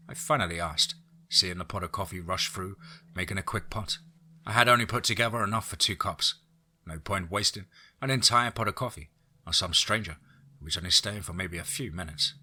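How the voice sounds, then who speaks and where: A man reading a first-person horror story aloud as narrator in a steady storytelling voice. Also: low voice, brisk, slightly rough.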